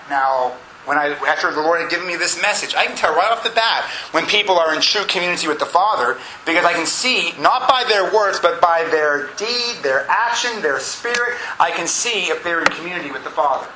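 A man's voice: high voice, lively intonation, a little fast, sharp tone, slight background noise. A male pastor preaching a sermon to his congregation, emphatic, drawing out phrases and repeating himself. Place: church sanctuary with congregation. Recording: echoey room.

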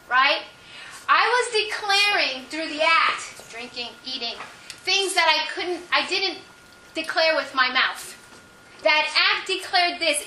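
Woman preaching a testimony, high voice, very bright, echoey room, distant mic, faint noise. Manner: emphatic storytelling, with frequent laughs. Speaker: speaker sharing a testimony. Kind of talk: sermon testimony.

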